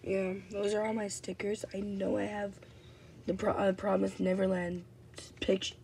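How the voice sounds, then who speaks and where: A woman's voice: mid-range voice, flat delivery, moderate pace, creaky, warm tone, a little hiss or hum. A sick woman vlogging in a rambling, offhand, casual way. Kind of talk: casual vlog chat.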